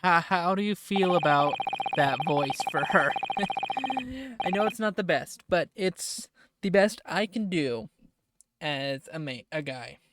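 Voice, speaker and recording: A man's voice: on the high side, slow, slight background noise. A man casually commenting on a game he is playing, with self-conscious, chatty asides. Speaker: let's player. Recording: loud game music behind.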